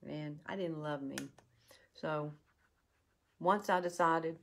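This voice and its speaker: A woman's voice: low voice, slow. A woman in her fifties, a beauty vlogger talking earnestly and casually while doing her makeup on camera. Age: 50s. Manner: earnest, chatty and confessional.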